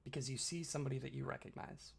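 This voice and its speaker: A man's voice: medium pitch, steady tone, fast talker, gravelly, breathy edge. A man running a tabletop game as game master, narrating casually with many fillers.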